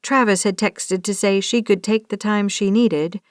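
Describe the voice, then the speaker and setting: A woman narrates a romance novel in an even storytelling voice. Her pitch sits in the middle range. The sound is close and dry, without any room echo. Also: unhurried. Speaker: audiobook narrator. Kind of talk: scripted narration.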